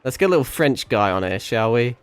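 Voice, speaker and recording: Playful British man, lively rambling stream talk. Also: medium pitch, brisk, clear, resonant tone, no echo. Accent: British, with mixed American and South African hints. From Britain. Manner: playful, rambling, swears freely, laughs often. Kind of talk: casual game stream chat.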